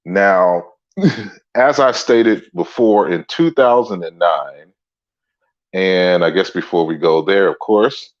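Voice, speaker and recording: A man hosting a relaxed livestream lecture, greeting viewers by name as he talks. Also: low voice, takes it slowly, muffled recording. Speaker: livestream host and author. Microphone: computer mic on a stand.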